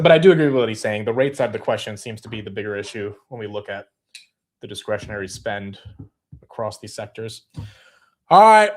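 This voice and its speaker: A man hosting a casual market livestream, excitable and joking, often jumping loud and quick. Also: medium pitch. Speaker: livestream host.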